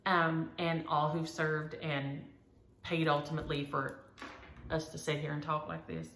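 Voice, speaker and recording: A woman's voice: low voice, measured pace, fairly bright tone, echoey room, slight background noise. A woman, chatting to her viewers as a cross-stitch vlogger and rambling through homespun stories. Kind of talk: casual chat to viewers.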